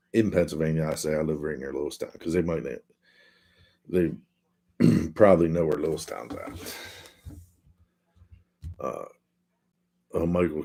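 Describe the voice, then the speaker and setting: Deep-voiced man chatting on a livestream. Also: creaky, a little mellow. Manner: laid-back, rambling, reads chat aloud. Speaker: livestream host. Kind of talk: casual livestream chat reading viewer comments. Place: at home, indoors.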